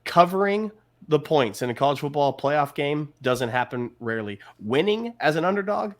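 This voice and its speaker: A man's voice: on the high side, lively intonation, moderate pace. A man co-hosting a casual sports podcast, talking emphatically and repeating points for stress. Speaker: podcast co-host.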